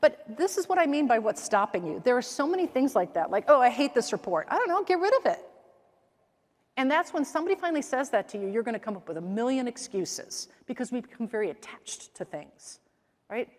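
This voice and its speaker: A woman's voice: on the high side, a little fast. Storytelling woman speaker in a reverberant hall. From American Midwest. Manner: lively storytelling, acts out quoted voices. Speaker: keynote speaker. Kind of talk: keynote talk on stage. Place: conference hall stage. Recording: large hall with long reverb.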